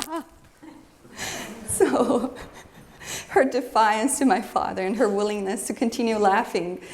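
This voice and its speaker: A woman's voice: medium pitch, vocal fry, slight background noise. A woman in a mid-range voice gives a live lecture as an emotional health coach. She keeps it conversational and turns to the room with questions. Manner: conversational, poses questions to the audience; acts out scolding voices in quotes.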